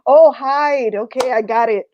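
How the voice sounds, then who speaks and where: A woman's voice: high voice, unhurried, darkish tone, lo-fi sound, slight background noise. A woman co-hosting a casual live-stream chat, playful and teasing with her guests. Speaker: co-host.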